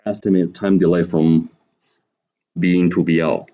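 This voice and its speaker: Low-voiced man lecturing to a class. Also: steady tone, a little slow, warm tone, highs cut off. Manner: explaining step by step, asking the class questions. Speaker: university lecturer.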